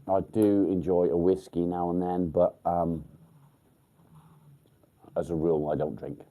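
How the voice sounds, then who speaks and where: An English man hosting a casual livestream, chatting bluntly with viewers, swearing freely and filling pauses with ums. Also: low-pitched, flat delivery, dark tone. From England. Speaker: livestream host. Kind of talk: casual live chat with viewers. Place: outdoors by a field.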